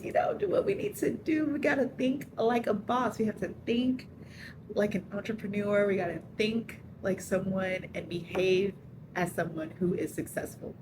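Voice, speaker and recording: A woman vlogging casually to camera outdoors, chatty and upbeat, often addressing viewers as y'all. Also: deep voice. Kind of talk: casual vlog chat to camera. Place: outdoors on the street and on a rooftop. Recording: loud street noise behind.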